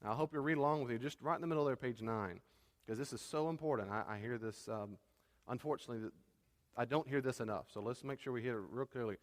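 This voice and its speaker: A pastor teaching a church class in a conversational, animated way. He now and then trips over his words. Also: medium pitch, quick pace, in a large hall.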